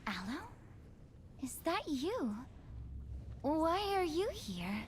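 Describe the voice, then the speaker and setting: A woman voicing a young female knight, speaking in a hushed, earnest way while reading game dialogue. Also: high voice, big pitch swings, drawn-out words, a crowd in the background, voice pushed up, exaggerated voice. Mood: unsure.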